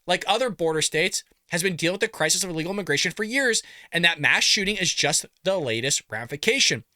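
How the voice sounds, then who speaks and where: A male show host with a high, very bright and forceful voice, tearing into the news with sarcasm and chuckles. His sound is close and dry, with no room around it. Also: no echo. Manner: sarcastic, animated, laughs at his own jabs. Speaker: political commentary show host. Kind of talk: opinionated commentary reacting to news.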